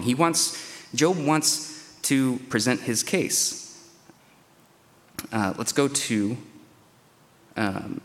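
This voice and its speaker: A man's voice: medium pitch, animated, very slow, long pauses, a bit bright. Man preaching in a reverberant hall. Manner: paraphrases verses in dramatic quoted voices. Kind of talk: sermon reading scripture.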